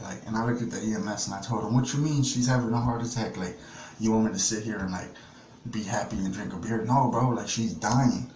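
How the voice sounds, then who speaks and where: A young man casually telling a personal story to his vlog audience, rough and plain-spoken, with lots of fillers and swearing. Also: fairly low pitch, fairly quick, darkish tone, a little hiss or hum. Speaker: vlogger. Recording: echoey room, faint ambience.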